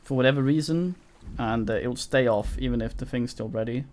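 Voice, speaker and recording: A male game streamer talking casually over his play. He rambles, swears freely and often restarts his sentences. His voice sits in an ordinary middle pitch. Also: a little fast, a little mellow, a little hiss or hum. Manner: rambling, profane, with frequent restarts. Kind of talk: casual live-stream commentary.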